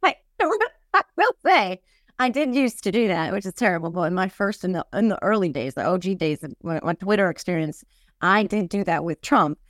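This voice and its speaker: A woman's voice: lowish voice, animated, fairly quick, dry recording, studio quality. A woman hosting a podcast in casual chat, riffing in a joking, sarcastic way. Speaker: podcast host.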